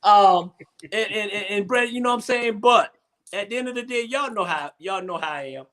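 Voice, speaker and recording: High, bright-voiced man hosting. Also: a little fast. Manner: rambling, repeats himself, Southern Black vernacular. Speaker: host. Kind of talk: casual comedic chat.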